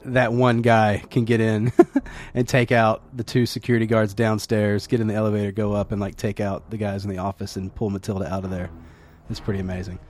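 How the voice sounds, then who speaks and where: A man's voice: lowish voice, level tone, a little fast, darkish tone. A man co-hosting a podcast about a film, talking loosely in casual chat, repeating words, laughing often and acting out quotes. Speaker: podcast co-host.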